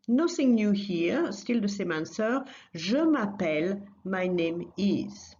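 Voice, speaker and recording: A woman's voice: mid-range voice, big pitch swings, slow pace, few pauses, a little mellow, dull audio. A woman teaching a recorded language lesson, patiently repeating phrases for learners.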